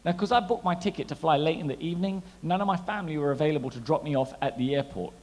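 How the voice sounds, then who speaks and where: A man in his thirties doing a stand-up comedy set, chatty and animated, teasing the crowd. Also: on the high side, rapid-fire. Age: 30s. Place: large hall at a gala dinner. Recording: long hall reverb.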